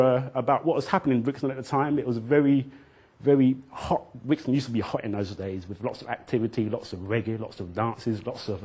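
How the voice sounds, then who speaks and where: A middle-aged man, a children's author telling animated stories to a young audience. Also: medium pitch, breathy edge. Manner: animated storyteller who acts out quotes and chants rhymes. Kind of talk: storytelling talk to children.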